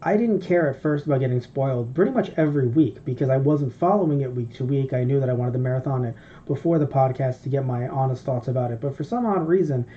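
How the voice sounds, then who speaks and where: A man chatting on a podcast, talking in long, rambling, profane stretches. His voice is deeply dark and mellow, and the audio comes through a little dull and lo-fi. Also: quick pace, hardly any pauses, slight background noise. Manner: rambling, profane, animated storytelling. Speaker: podcast co-host. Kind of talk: casual podcast chat.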